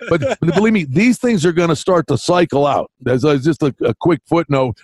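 Canadian male betting podcast host, high and lively, dry close mic. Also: fairly quick, slightly rough, dry recording. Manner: animated storyteller, acts out voices in anecdotes. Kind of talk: casual sports betting chat.

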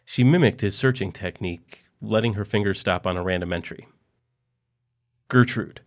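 A man narrating a story in a quiet, even reading voice. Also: deep voice, brisk.

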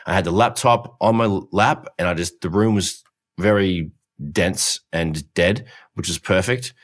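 A man co-hosting a podcast, recounting stories with enthusiasm and the odd swear word. His voice is very deep and low. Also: measured pace. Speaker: podcast co-host. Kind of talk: casual chat.

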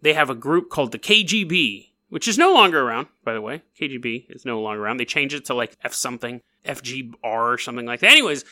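A man hosting a paranormal news podcast, telling stories in an animated, jokey way and acting them out. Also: medium pitch, fast talker, hardly any pauses. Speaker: podcast host. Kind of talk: comedic paranormal news monologue.

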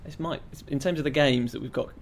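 A man who regularly joins a casual football podcast as its stats expert, speaking in a measured, fact-filled way. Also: mid-range voice, a little hiss or hum. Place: café.

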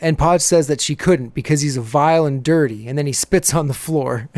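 A man's voice: a little high, moderate pace, darkish tone, dry recording. A man hosting a podcast, casually recapping a TV episode and laughing often as he retells scenes. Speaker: podcast host.

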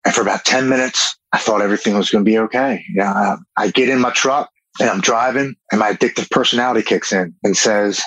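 A man's voice: lowish voice, lively intonation, fast talker, vocal fry, few pauses, a bit bright, no echo, rough recording. Earnest man telling his story. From Baltimore, Maryland. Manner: earnest, plain-spoken, acts out his own past words. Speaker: podcast guest telling his recovery story. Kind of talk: personal storytelling.

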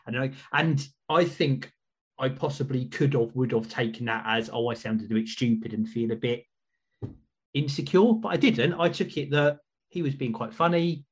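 Casual male podcast host, slightly husky, rambly and warm-paced. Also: medium pitch, normal speed. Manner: chatty, rambling with restarts.

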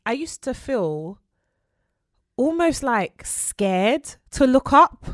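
A woman, co-hosting a podcast in casual chat, telling stories in an animated way with sudden excited shrieks. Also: sits high, drawn-out words, no echo, studio quality. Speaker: podcast co-host.

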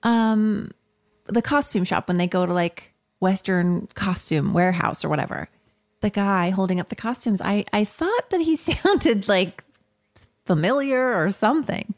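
A woman co-hosting a podcast over a video call, chatting casually with quick asides and frequent laughs. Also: mid-range voice, expressive. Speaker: podcast co-host. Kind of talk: casual chat.

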